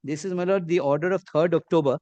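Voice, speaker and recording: Man, Indian English accent, courtroom advocate, high pitch, dry close sound, halting, deferential, rhetorical. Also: steady tone, warm tone, no echo, lo-fi sound. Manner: halting, peppers every phrase with "my lord"; rhetorical, pointed questioning. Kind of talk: courtroom legal argument.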